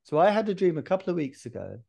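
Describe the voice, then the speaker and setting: A podcast host chats with a bouncy, swooping delivery, slightly higher than most men. His tone sits mellow and warm, with a gravelly rasp under it. He spins anecdotes with lots of laughter. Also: quick pace. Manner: animated storyteller, laughs often. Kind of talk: casual chat.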